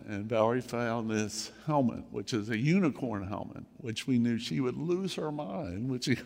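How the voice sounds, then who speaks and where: A man's voice: medium pitch, vocal fry, big-room sound. An older man, a grandfather, preaching a sermon in a conversational storytelling manner. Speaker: pastor.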